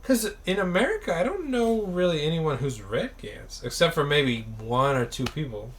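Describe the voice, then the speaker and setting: Joking young man, slightly high voice. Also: very animated. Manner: jokey, acts out characters in quick bursts. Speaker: podcast co-host. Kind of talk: casual chat.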